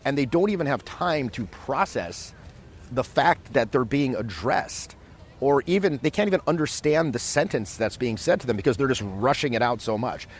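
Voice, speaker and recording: A man teaching social skills in a casual, animated way, acting out quick scenes as he explains. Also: medium pitch, slight background noise. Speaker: dating coach. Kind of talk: casual instructional talk. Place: outdoors in a city.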